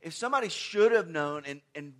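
Guy preaching a sermon, slightly high voice, chatty but emphatic, lots of rhetorical questions. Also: animated, a little fast. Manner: swings between loud stressed phrases and quiet asides.

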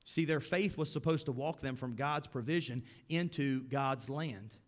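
A man preaching a sermon as pastor, swinging between loud emphasis and hushed, low lines. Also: normal speed. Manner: acts out grumbling crowd voices in quotes.

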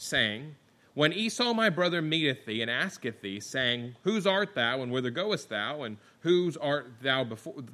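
Bright-voiced, animated male preacher. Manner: animated storytelling, acting out the scripture voices with wide pitch swings. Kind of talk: sermon.

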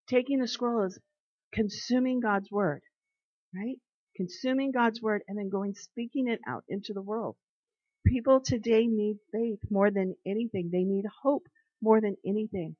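A woman leading an informal devotional talk, reading scripture and telling everyday stories in an earnest, conversational way, slowing down to stress key phrases. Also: mid-range voice, dark tone, dry recording, muffled recording. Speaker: Bible study leader.

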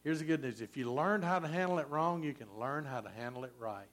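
A man preaching a sermon as a pastor, conversational and folksy, with frequent asides to the congregation. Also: quick pace. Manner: conversational preaching, folksy asides, lively swings in pitch and loudness.

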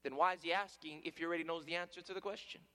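A man preaches a sermon in a large hall, his voice bright and forceful. He pitches his voice on the higher side for a man and lets long reverb trail each phrase. He swings from loud emphatic peaks down to hushed, near-whispered lines, and he keeps addressing the listeners as friends. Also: fairly even intonation, rapid-fire.

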